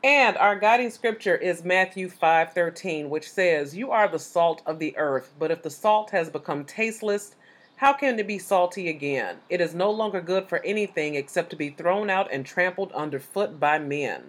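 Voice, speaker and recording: A woman's voice: fairly low pitch, normal speed. A congested woman hosting a faith-based podcast, explaining scripture in an earnest, teaching way. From Chicago area. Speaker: podcast host.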